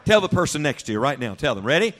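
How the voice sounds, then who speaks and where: A male pastor preaching a sermon to his congregation, leaning on rhetorical questions and call-and-response, and swinging between loud emphasis and quiet, low reflection. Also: animated, very fast. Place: church sanctuary before a congregation.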